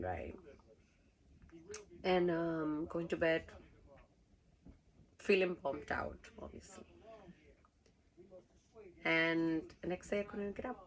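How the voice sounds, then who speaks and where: Woman rambling thru a story, gravelly voice, laughs and swears a lot. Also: on the low side, poor audio. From Costa Rica. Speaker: cruise ship worker. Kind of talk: casual storytelling monologue.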